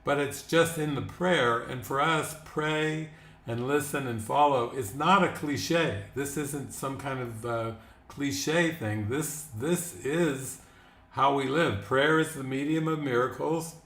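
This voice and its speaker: A man of middle pitch talks about faith in an earnest, unhurried way, sometimes repeating a word as he goes. The room around him is roomy and echoing. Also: fairly bright tone. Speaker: spiritual teacher hosting a live talk. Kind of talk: casual spiritual conversation. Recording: echoey room.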